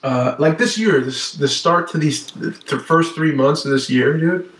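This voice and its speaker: A man's voice: a little high, measured pace, fairly bright tone. A young man in casual chat, rambling through stories in a slangy way, calling people bro and dude. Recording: echoey room.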